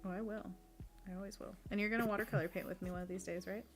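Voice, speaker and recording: A woman's voice: medium pitch, steady tone, racing. A young woman co-hosting a painting livestream, chatting casually and playfully with frequent giggles. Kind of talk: casual chat while painting. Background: faint music.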